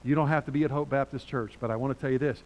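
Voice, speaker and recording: An older man preaching a sermon to his church, animated and rising to loud peaks as he reads scripture aloud. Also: medium pitch, very fast. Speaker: pastor. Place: church sanctuary. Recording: church hall with long reverb.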